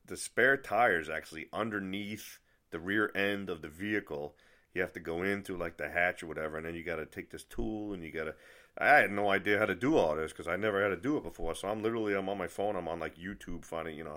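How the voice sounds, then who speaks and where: A man's voice: low-pitched, fairly bright tone. A man telling a story in a casual, rambling rant, exasperated, with frequent restarts and mild swearing. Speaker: vlogger.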